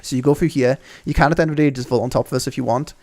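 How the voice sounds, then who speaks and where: Fast, gravelly young man rambling over gameplay. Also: medium pitch. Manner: excitable, rambling, swears often. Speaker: gaming channel host. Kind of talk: casual game commentary.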